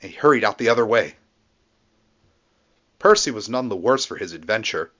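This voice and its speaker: Male storybook narrator, lively varied delivery, dull lo-fi mic. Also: lowish voice, moderate pace. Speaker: storybook reader.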